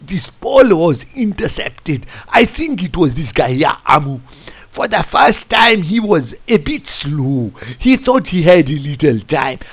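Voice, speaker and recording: A man coaching football, reviewing a match over a tactics board in an animated, rambling way. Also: on the high side. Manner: animated, rambling, keeps saying "I tell you". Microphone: computer mic. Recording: lo-fi screen recording.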